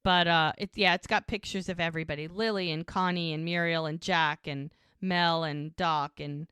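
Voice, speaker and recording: Co-hosting a rewatch podcast, a woman recaps episodes in casual chat, retelling the scenes and briefly doing little voices for the characters' lines. Her voice sits on the low side, steady and a bit bright, smooth, at a moderate pace. The recording is dry, with clean studio sound.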